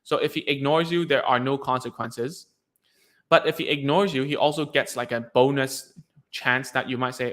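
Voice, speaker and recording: In a casual advice video, a speech therapy coach answers parents' questions about their child's speech. His mid-range voice is fairly bright with fairly even intonation and a moderate pace, and he talks loosely and chattily, full of fillers and restarts, saying "dude" along the way.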